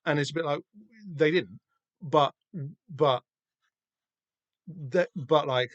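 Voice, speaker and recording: A man with a Southern English accent hosting a podcast, chatting casually and excitedly about a comic, swearing freely and rambling with lots of fillers. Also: fairly high pitch, slow, dry recording, muffled recording. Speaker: podcast host. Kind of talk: casual comic book discussion.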